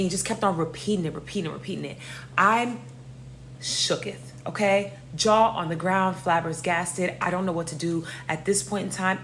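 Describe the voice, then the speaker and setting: Animated young New woman telling a story. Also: on the low side, normal speed, a little hiss or hum. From New York. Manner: animated, slangy and profane, addressing listeners as y'all. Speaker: storyteller host. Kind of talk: casual storytime vlog.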